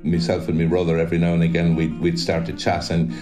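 A man from County Leitrim with a Leitrim Irish accent, a writer and actor musing slowly in an interview with some hesitations. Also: low-pitched, completely flat delivery, warm tone. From County Leitrim, Ireland. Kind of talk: reflective interview talk. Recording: guitar music underneath.

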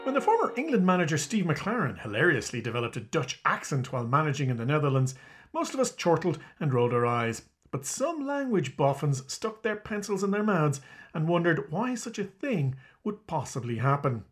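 A man's voice: fairly high pitch, big pitch swings, brisk. A man reading scripted radio links in a wry, playful way. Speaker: radio presenter.

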